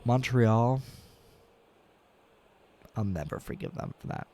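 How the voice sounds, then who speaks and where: A man streaming a game, talking casually and ranting with lots of swearing, dropping to low mutters and rising to loud outbursts. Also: animated, slow pace. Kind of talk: casual gaming stream chat.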